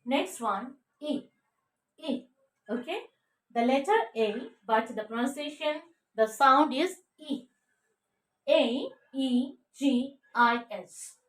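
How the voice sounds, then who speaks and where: A woman teaching pronunciation, drilling words slowly, spelling out letters and checking with "okay?" between them. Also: sits high, animated, recorded from a distance. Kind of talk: slow drilled pronunciation lesson. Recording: echoey room, a bit off mic.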